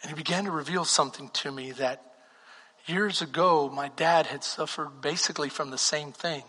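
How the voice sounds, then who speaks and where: A middle-aged pastor from Texas preaching a sermon, repeating phrases and swinging between shouted fervor and hushed storytelling. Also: male voice, a little high, normal speed, slightly rough. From Texas, USA. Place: church sanctuary. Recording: long reverb of a church hall.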